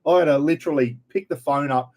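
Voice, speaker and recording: A man's voice: on the high side, fast, darkish tone. A middle-aged Australian man hosting a casual live stream, greeting viewers one by one with a friendly, chatty manner. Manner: chatty, friendly, lots of g'day mate.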